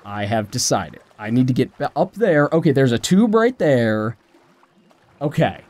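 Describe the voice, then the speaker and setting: A man's voice: mid-range voice, sing-song, unhurried, a little mellow. Sarcastic man narrating his gameplay. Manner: sarcastic, profane banter. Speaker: let's play co-host, playing the game. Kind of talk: casual gameplay commentary.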